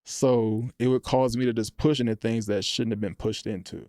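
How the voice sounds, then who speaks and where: Guest, 20s, man; mellow tone, earnest and lively storyteller, close dry mic. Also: mid-range voice, moderate pace, dry recording. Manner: earnest, animated when retelling, lively storytelling. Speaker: podcast guest, college football player. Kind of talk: casual faith testimony. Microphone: podcast microphone.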